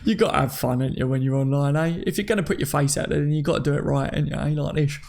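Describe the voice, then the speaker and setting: A man's voice: on the high side, very fast, gravelly, darkish tone. A man with a Cockney accent hosting a casual live stream, chatting freely, reading viewer comments aloud and laughing at himself. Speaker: fan channel host.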